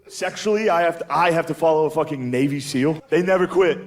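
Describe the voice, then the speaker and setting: A man's voice: on the high side, a little fast, few pauses. A man doing a stand-up comedy set, laid-back and profane, tossing in "dude" constantly. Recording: live club recording with crowd laughter and noise.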